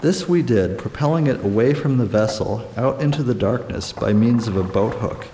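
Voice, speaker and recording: A man reads a story in a measured, even storytelling voice of ordinary pitch. The room is echoey, with reverb that lingers long after each line, and a faint hiss sits under it all. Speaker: audiobook narrator. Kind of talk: scripted story narration.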